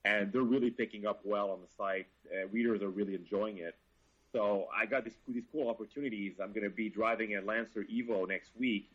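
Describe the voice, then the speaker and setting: A man's voice: on the low side, a bit bright, breathy edge, highs cut off. A Canadian car reviewer, a man, chatting casually and with enthusiasm, swearing freely. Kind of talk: casual chat.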